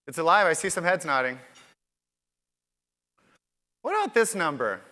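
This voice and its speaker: A high-voiced man speaks with a bright, forward tone as he hosts a conference keynote. He stays upbeat and keeps turning to the crowd with questions. His voice rings out through a large hall with a long, trailing echo. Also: very animated, normal speed. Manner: upbeat, addresses the audience directly with questions.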